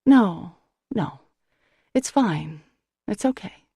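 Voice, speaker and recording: A woman's voice: mid-range voice, lively intonation, extremely slow, vocal fry, dark tone, breathy edge, no echo, clean studio sound, full character voice. A woman voicing an earnest, emotional older sister who speaks in a careful, pleasant social-worker tone. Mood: tearful.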